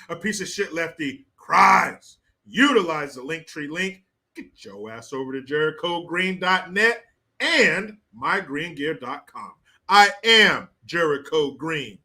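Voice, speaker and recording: A man's voice: on the high side, lively intonation, unhurried, bright, forceful tone. A man hosting a casual livestream, talking in brash, profane, joking banter. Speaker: host.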